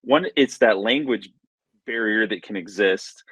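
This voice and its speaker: A man recalling old games in a loose, stop-and-start way, often circling back mid-sentence. His voice is on the low side, and it is captured close and dry. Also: fairly bright tone, husky, no room sound, low-quality recording. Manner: halting, many restarts, reminiscing. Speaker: podcast co-host. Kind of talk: casual sports chat.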